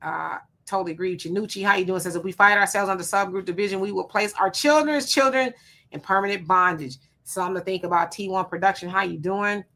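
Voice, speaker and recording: A woman hosting a casual livestream, reading viewer comments aloud and giving quick, relaxed replies. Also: mid-range voice. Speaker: livestream host.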